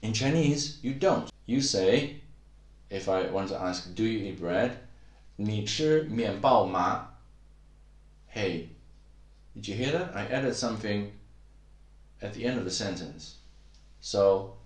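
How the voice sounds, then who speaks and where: A man's voice: on the low side, reverberant. A man teaching a casual language lesson, explaining patiently with many fillers and acting out example sentences.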